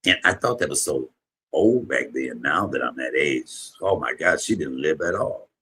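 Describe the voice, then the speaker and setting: A man in his fifties talks in a low, deep register with a husky, raspy texture. He chats casually on a livestream, rambling through emotional stories that break into sudden loud bursts. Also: expressive, normal speed. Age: 50s. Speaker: comedian streamer. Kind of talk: casual livestream chat and storytelling.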